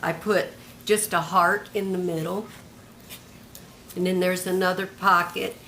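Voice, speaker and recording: A woman's voice: lowish voice, steady tone, a little slow, bright, forceful tone, slight background noise. An older retired woman showing off a handmade journal in a homey, chatty show-and-tell, describing each piece one by one. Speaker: craft vlogger.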